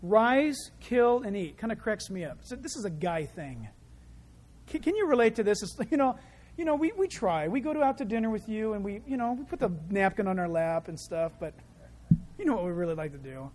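A male preacher giving a sermon, telling the story with lively, animated delivery that swings from loud to quiet. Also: high-pitched, fairly quick.

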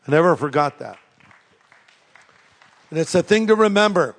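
A male pastor preaches with a humorous, emphatic storytelling manner. His voice sits high for a man. A long reverb from a large church hall trails each phrase. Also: animated, moderate pace, a faint crowd. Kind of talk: sermon. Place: church sanctuary.

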